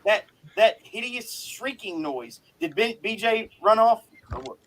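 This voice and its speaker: High-voiced man with chatter behind. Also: lively intonation, unhurried, low-quality recording. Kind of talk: casual group chat.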